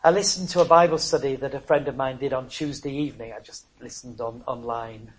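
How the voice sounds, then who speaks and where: An older preacher giving a sermon, swinging between soft pleading and loud exclamations, with frequent chuckles. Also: mid-range voice, fairly even intonation, fairly quick, poor audio.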